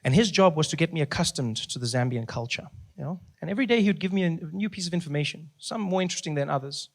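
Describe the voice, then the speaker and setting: A man's voice: on the high side, lively intonation, fast talker. A South African man performing stand-up comedy, telling playful stories and often laughing mid-line.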